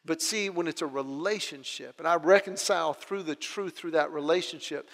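A man's voice: fairly high pitch, moderate pace, creaky, few pauses, fairly bright tone. A middle-aged man preaching a sermon as a pastor, telling family stories and acting out his kids' voices. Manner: storytelling, acts out his children's voices. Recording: long hall reverb.

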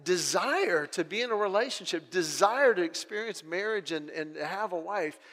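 A middle-aged man with a notably high voice shares a personal testimony, telling humorous stories to a live audience at normal speed. Animated and self-deprecating, he restarts phrases as he goes, and the long reverb of a large hall surrounds his voice.

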